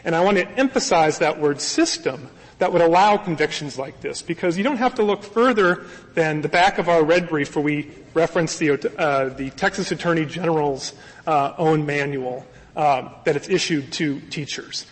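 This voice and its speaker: A man argues before a high court, earnest and insistent as he presses each point. His voice sits high for a man. The archival recording carries a long, ringing reverb from a large courtroom. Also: moderate pace. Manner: earnest, emphatic, persuasive. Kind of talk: formal courtroom oral argument.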